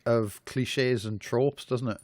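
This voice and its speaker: Man, podcast co-host, casual rambling film chat, amused, dry close sound, mid-pitched voice. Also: steady tone, takes it slowly, dry recording. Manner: rambling, filler-heavy, amused.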